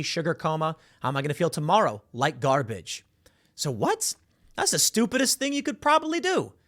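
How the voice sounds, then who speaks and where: A man hosting a solo political commentary, animated and sarcastic, acting out little voices to make his points. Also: on the high side.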